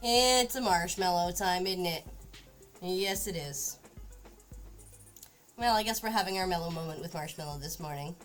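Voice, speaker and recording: A woman's voice: on the low side, takes it slowly, pauses often, faint music behind. A woman streamer chatting casually while crafting at home, often cooing at her cat. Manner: chatty, talks baby-talk to her cat. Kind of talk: casual livestream chat.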